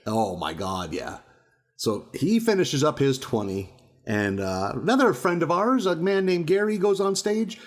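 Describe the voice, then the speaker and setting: Animated, profane man telling a story. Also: fairly high pitch, a little slow. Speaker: podcast co-host, stand-up comic. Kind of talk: casual storytelling chat.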